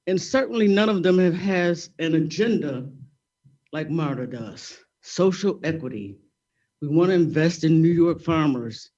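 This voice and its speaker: A man's voice: fairly high pitch, lively intonation, unhurried, a little mellow, lo-fi sound. A man, a state legislator, giving a confident, folksy, emphatic speech at a public meeting.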